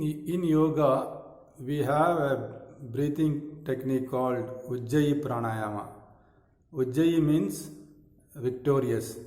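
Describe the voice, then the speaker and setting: A male yoga teacher explains breathing in a mellow, unhurried voice. He repeats phrases and pauses with fillers as he guides the class. The sound rings in a roomy space with a long echo. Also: medium pitch. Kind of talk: instructional talk on breathing. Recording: echoey room with long reverb.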